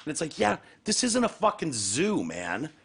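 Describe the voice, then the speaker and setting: A man hosting a podcast, talking in casual, sarcastic, profane, animated chat. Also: a little high, moderate pace, gravelly, slightly rough. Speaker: podcast host.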